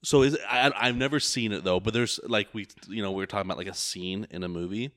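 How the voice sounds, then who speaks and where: A man's voice: on the low side, fast talker, a bit bright, no echo, clean studio sound. A man in casual chat who tells long rambling stories and swears a lot. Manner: rambling storyteller, heavy swearing.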